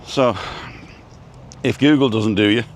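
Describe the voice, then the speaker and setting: A man's voice: mid-range voice, measured pace, a little hiss or hum. A man hosting a casual outdoor live stream, rambling and reading out viewer comments as he goes.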